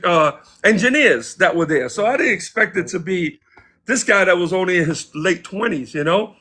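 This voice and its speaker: A man guest casually telling stories from his past in an interview, animated and acting out the people he quotes. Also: high voice, normal speed. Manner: animated, acts out quoted voices. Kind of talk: casual storytelling.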